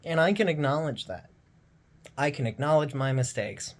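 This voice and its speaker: A man's voice: a little high, animated, moderate pace. A man rambling in loose, self-deprecating tangents while lying on the floor indoors and filming himself on a phone he holds above his face. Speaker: vlogger. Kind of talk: rambling casual monologue to camera. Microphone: phone held overhead in one hand.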